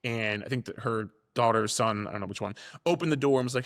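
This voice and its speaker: A man's voice: medium pitch, lively intonation, quick pace, few pauses, fairly bright tone, long reverb tail. A man and fitness coach giving a casual, direct motivational monologue, now and then swearing for emphasis.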